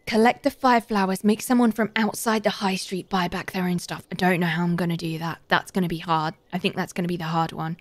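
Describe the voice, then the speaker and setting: A British woman streamer chatting casually as she plays, reading out chat and getting excitable. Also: fairly low pitch, a little fast, few pauses, dry recording. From Britain. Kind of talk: casual gaming commentary.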